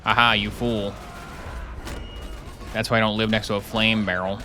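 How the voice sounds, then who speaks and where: Joking, bright-voiced male streamer. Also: fairly low pitch, flat delivery, moderate pace, faint music behind. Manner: rambling, jokey, sarcastic asides. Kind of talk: casual commentary while gaming.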